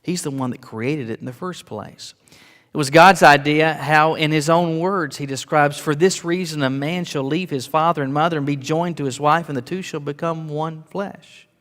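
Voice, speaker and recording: A man's voice: on the high side, normal speed, fairly bright tone, big-room sound. A man preaching a sermon as pastor, earnest and rising to emphatic declarations, often repeating words as he builds.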